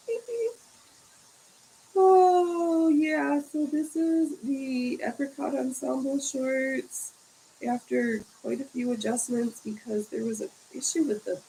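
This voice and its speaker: Tired woman, home livestream, casual sewing chat, fry in the voice, unhurried. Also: sits high, dark tone, a little hiss or hum, low-quality recording. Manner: rambling and chatty, coos at her cats. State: tired and yawning.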